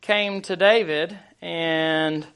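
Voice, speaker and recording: A man's voice: on the high side, steady tone, drawn-out words, a bit bright, smooth. A man preaching a sermon in a conversational way, with frequent fillers and restarts. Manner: conversational preaching with many fillers and restarts, scripture read aloud. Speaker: pastor.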